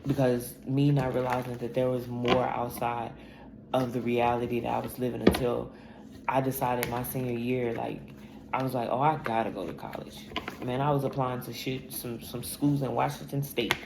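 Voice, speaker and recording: Woman tarot reader, gravelly and blunt, profane, in an echoey room with steady noise behind her. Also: very deep voice, moderate pace. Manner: blunt, profane, emphatic storytelling. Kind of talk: casual spiritual reading monologue.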